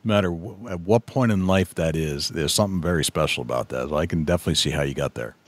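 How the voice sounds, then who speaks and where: A middle-aged man hosting a podcast, affirming his guest and telling his own stories in a measured way. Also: low voice, dry recording. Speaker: podcast host. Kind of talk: casual conversation.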